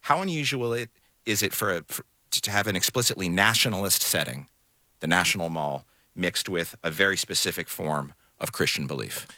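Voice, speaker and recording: A deep-voiced man hosts a radio news talk show, his tone bright and forward. He questions his guests earnestly and sometimes stumbles into restarts. The studio sound is close and dry. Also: brisk, dry recording. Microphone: studio microphone.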